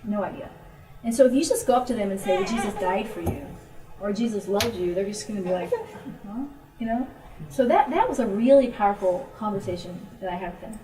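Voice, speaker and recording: A woman's voice: medium pitch, quick pace. A woman missionary speaker giving an informal talk to a church group, telling her stories and acting out the voices of her friends. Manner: storytelling, animated when quoting friends. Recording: roomy, from a distance.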